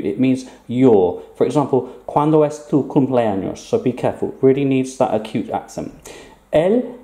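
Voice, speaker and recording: A man's voice: medium pitch, warm tone, roomy sound. A man teaching a Spanish lesson in a chatty, playful way, asking his learners rhetorical questions. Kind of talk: recorded online language lesson.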